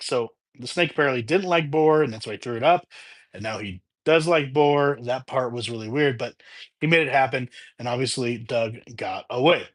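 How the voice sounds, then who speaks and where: Casual male movie reviewer, mid-range voice, chatty plot recaps with asides. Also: mid-range voice. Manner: chatty, animated retelling with laughs and quoted voices.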